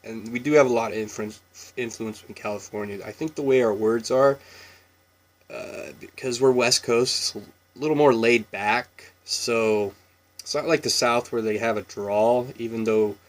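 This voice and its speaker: A young man from Washington State with a Pacific Northwest American accent, chatting casually in a relaxed, meandering way for an accent tag video. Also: mid-range voice, normal speed. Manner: relaxed, meandering, with laughs and many fillers. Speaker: vlogger.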